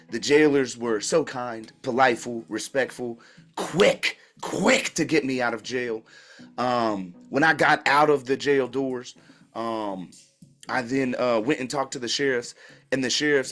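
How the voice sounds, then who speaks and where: Slangy, animated man telling a story. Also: medium pitch. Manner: animated, slangy, addresses listeners directly. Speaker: channel host. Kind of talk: casual storytelling to camera.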